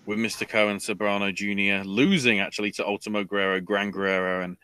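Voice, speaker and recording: A man's voice: on the low side, fairly even intonation, quick pace, bright, forceful tone, smooth, no echo. A man co-hosting a podcast, rambling through wrestling news in a casual chat full of fillers. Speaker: podcast co-host.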